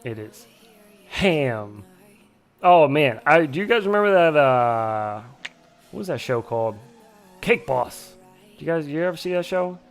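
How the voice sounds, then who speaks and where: A man's voice: a little high, lively intonation, measured pace, long pauses, soft background music. A man casually chatting on a live stream, rambling and joking as he reacts to chat. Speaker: streamer hosting a drone flight sim stream.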